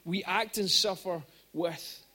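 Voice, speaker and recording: A man preaching a sermon in a church, conversational with frequent restarts and animated storytelling. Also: high-pitched, slow. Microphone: microphone at pulpit.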